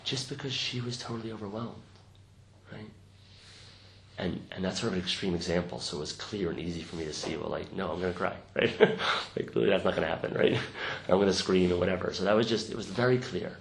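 A man with a deep, gravelly voice speaks fairly quickly as he teaches meditation to a group. His talk is informal, reflective and conversational, and he often checks in by tagging sentences with "right?". The recording sounds roomy, with faint noise.

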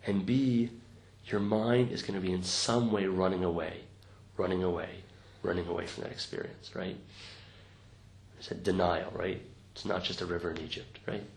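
In a low, creaky voice with fairly even intonation and a moderate pace, a man leads a group through meditation. He speaks reflectively and conversationally, checking in with "right?" on many sentences. Faint noise fills a roomy recording.

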